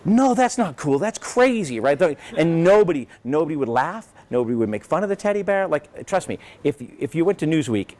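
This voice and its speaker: Sarcastic, animated man ranting on stage. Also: fairly high pitch, fairly quick, hardly any pauses. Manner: sarcastic, rambling, profane, peppered with "right?" and "you know". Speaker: guest speaker at a business event. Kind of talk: animated conversational storytelling.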